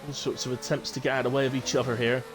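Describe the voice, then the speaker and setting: A man's voice: medium pitch, level tone, very fast. Chatty Bristolian man calling a sim race. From Southwest England. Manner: chatty, banters with chat between calling lap times. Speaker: sim racing commentator. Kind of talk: live stream race commentary.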